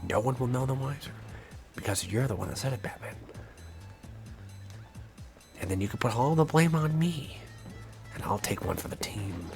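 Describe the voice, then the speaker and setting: A man's voice: medium pitch, fairly bright tone, pitched above the performer's own voice. A man voicing the Joker as a menacing, grinning villain, taunting and conspiratorial.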